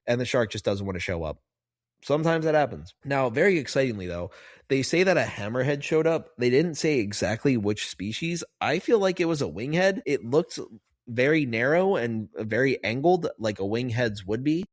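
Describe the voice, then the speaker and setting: Man, podcast host, chatty, rambling, mid pitch, dry close sound. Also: no room sound. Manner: chatty, rambling, many fillers. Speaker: podcast host, marine biologist. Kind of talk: casual podcast commentary.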